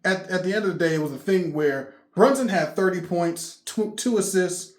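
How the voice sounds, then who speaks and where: A man, excitedly recapping a basketball game for his fan vlog, emphatic and repeating himself. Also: sits high, moderate pace, reverberant. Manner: animated, emphatic, repeats himself, laughs often. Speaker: sports fan vlogger.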